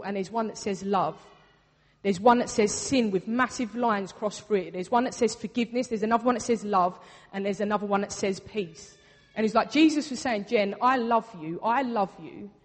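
A woman preaching a sermon, earnest and chatty, hammering points home by repeating them. Her voice sits at an ordinary middle pitch. It rings out with the long reverb of a church hall. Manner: earnest, conversational, with emphatic repetition.

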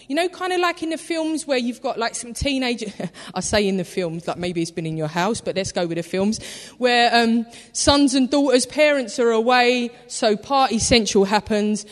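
A woman preaching a sermon in a church, telling the story in a chatty, animated way with lots of "like". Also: fairly high pitch. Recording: reverberant church hall.

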